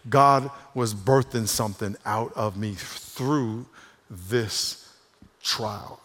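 A male pastor preaching a sermon, shifting between hushed talk and loud exhortation. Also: on the low side, unhurried. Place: church sanctuary. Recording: long reverb of a large hall.

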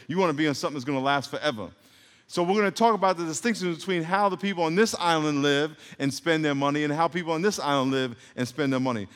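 A man's voice: a little high, a bit bright. A man preaching a sermon, leading the congregation in call-and-response and adding humorous asides. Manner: call-and-response, having the congregation repeat words. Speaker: pastor. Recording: long hall reverb.

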